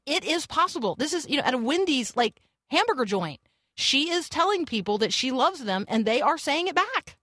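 Female radio host, energetic and rambling, dry booth sound. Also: sits high, dry recording. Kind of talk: Christian morning radio chat.

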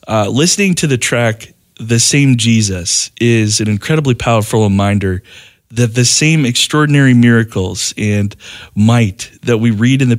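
A male radio host interviews his guest with open enthusiasm and generous praise. His voice sits at a middle pitch and moves along in a friendly, conversational way. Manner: warmly enthusiastic, effusive praise.

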